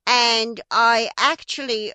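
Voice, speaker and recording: A feng shui teacher with an Australian accent gives an informal spoken lesson, explaining patiently amid frequent ums and restarts. Her voice is a little high, pushed and bright, with fairly even intonation and a slow pace. The recording is dry.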